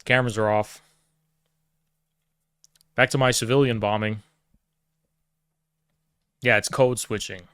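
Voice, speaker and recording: A man's voice: steady tone, slow pace, pauses often, a bit bright, clean tone, no room sound. A man ranting casually and sarcastically, profane and mocking. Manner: sarcastic, mocking, slips into high put-on voices. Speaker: political streamer.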